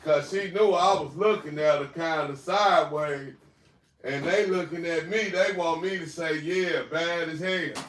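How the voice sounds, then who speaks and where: A man telling a rambling, profane story in a casual, animated way. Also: on the high side, a little slow. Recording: echoey room, far from mic, faint noise.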